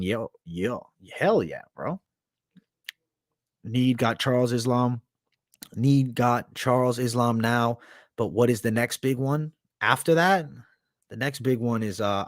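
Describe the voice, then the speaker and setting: A man's voice: medium pitch, darkish tone, no room sound, clean studio sound. A young man hosting a livestream, talking in a crude, rambling, profanity-heavy slang as he reads and answers chat. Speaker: livestream host.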